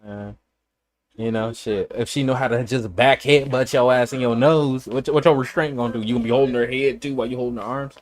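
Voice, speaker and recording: Speaking a little fast in a steady, medium-pitched voice, this male streamer from Chicago is a casual, blunt storyteller who swears freely during his livestream chat.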